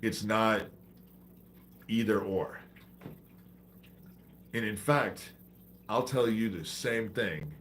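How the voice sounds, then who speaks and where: A low-pitched man rants on a livestream, swearing freely and turning preachy between complaints. He has a head cold, and a faint hiss sits under his voice. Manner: profane, exasperated, preachy. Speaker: livestream host. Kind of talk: ranting livestream monologue.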